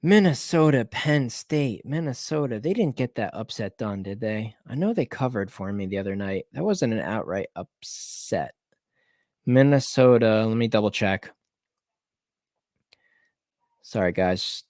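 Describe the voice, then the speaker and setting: A man's voice: on the low side, moderate pace, no room sound, clean studio sound. Man muttering through betting picks live. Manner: talks to himself, repeats team names, frequent self-corrections; jumps between muttering and excited outbursts. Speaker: sports betting show host. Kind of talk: live-stream betting picks, thinking aloud.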